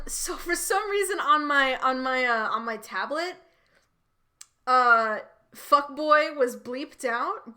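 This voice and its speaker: A woman's voice: high-pitched, bright, forceful tone. A woman streamer reading fanfiction aloud live and chatting through it, laughing and stumbling over restarts.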